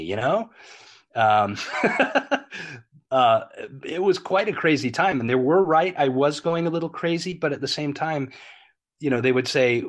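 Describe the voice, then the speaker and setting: A man in his fifties talking candidly as an interview guest, earnest and animated, filling with "you know" and swearing freely. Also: medium pitch, normal speed, pauses often.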